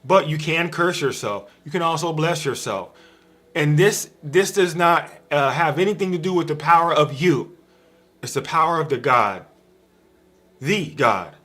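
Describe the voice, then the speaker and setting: A man's voice: fairly high pitch, expressive, unhurried, fairly bright tone. A man giving an informal spiritual teaching on a live stream from a room at home, repetitive and emphatic, speaking straight to his viewers. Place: home room with a dog bed in the corner.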